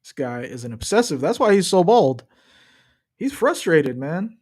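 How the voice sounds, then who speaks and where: This young man's voice is on the high side, sing-song, unhurried and a little mellow. He chats casually while live-streaming his reactions to a football game, joking loosely and throwing out trash talk.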